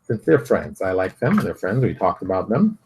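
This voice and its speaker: A man's voice: sits low, sing-song, moderate pace, a little hiss or hum. A middle-aged man hosting his own daily online show, chatting casually with joking asides and dramatic outbursts that drop into mutters. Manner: joking, theatrical asides, swings between loud outbursts and mutters. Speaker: show host.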